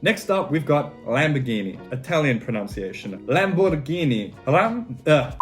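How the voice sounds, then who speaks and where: An Australian man runs a jokey pronunciation lesson and stresses each word with mock seriousness. He teases his viewers and himself in a casual, mid-pitched voice. Soft music plays underneath. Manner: joking, self-mocking, emphatic. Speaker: car video host. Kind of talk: comedic pronunciation tutorial.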